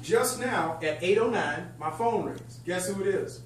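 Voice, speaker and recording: Excitable man training a roomful. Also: high voice, measured pace. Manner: energetic, excitable, chatty, jokes with the audience. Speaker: sales trainer. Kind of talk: lively sales training talk to a live group. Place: function room at a country club event. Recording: echoey room, distant mic, faint hum.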